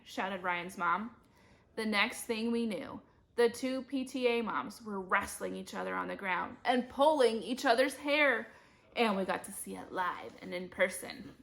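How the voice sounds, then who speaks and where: Bright-voiced woman reading a storybook. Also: normal speed. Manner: lively, shouts characters' lines in high voices. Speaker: reader. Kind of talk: reading a children's chapter book aloud.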